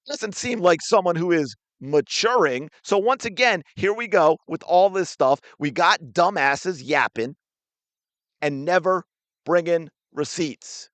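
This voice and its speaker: A man's voice: fairly high pitch, lively intonation, measured pace, a bit bright, no room sound. A man hosting a sports podcast, ranting with indignant, sarcastic commentary while reacting to a clip.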